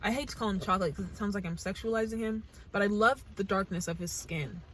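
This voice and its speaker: Talking straight to camera on her reaction channel, a young American woman from the United States gushes casually and earnestly, restarting as she thinks aloud. She talks fast in a mid-range voice, with a little hiss or hum in the audio.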